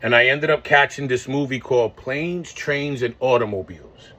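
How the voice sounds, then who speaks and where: A man's voice: mid-range voice, moderate pace, sharp tone. A man in his forties talks to his viewers in a casual vlog, rambling, swearing and full of slang. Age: 40s. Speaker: vlogger. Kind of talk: casual monologue.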